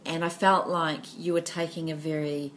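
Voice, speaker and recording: A woman's voice: low-pitched, little pitch movement, normal speed, a bit bright, a little hiss or hum. A woman co-hosting a podcast in casual chat, reflective and storytelling, with many fillers. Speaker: podcast co-host.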